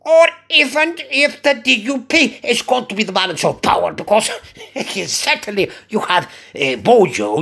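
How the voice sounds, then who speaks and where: Older man from Cyprus, chatty rambling talker who chuckles, husky and lively. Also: high-pitched. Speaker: barber. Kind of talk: casual monologue.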